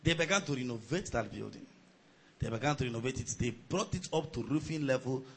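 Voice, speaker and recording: A man preaching a sermon as pastor. His delivery swings between loud, shouted surges and quieter storytelling. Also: medium pitch, lively intonation, fairly quick, slightly rough, low-quality recording.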